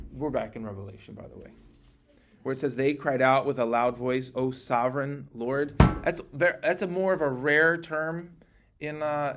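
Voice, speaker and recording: A man teaching a casual Bible class, talking in a conversational, animated way and acting out the scripture he quotes. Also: medium pitch, a little hiss or hum.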